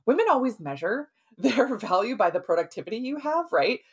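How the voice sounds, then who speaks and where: A woman's voice: on the high side, big pitch swings, a little fast, breathy edge. A middle-aged woman hosting a podcast, telling a client's story in a casual, conversational way and often ending sentences with "right?". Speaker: podcast host and health practitioner.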